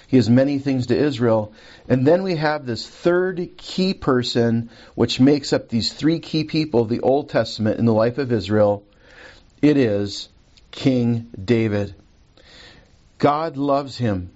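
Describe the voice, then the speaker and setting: A man's voice: mid-range voice, unhurried, darkish tone, highs cut off. A man teaching a recorded Bible lesson from a handout, reading scripture aloud and checking his notes as he goes.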